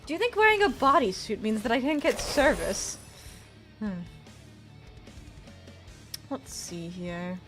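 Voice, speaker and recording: A woman's voice: fairly high pitch, very animated, slow, long pauses, a bit bright, faint music behind, exaggerated voice. A woman putting on a sultry mommy voice. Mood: coy teasing. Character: teasing, sultry motherly woman persona. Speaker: streamer. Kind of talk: live game stream commentary.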